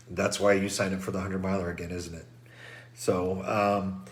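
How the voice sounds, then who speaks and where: A middle-aged man with a somewhat low voice gives a pre-race briefing to runners, stuffed up and congested from trail dust. He talks casually and loosely, full of ums and restarts, like a race director chatting through the rules. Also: level tone, measured pace. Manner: casual and rambling, many fillers and restarts.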